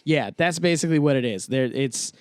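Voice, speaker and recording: A young man co-hosting a casual podcast, joking around while reading news out loud. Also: medium pitch, a little fast, clean tone, no echo, clean studio sound. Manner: joking, reads news aloud with asides. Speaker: podcast co-host. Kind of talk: casual chat.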